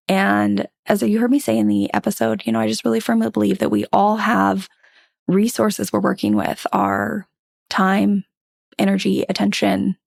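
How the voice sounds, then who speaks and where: A woman's voice: mid-range voice, moderate pace, creaky, darkish tone, no room sound, studio quality. A woman hosting a podcast, talking in an earnest, reflective and upbeat way. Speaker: podcast host. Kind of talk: casual podcast chat and outro.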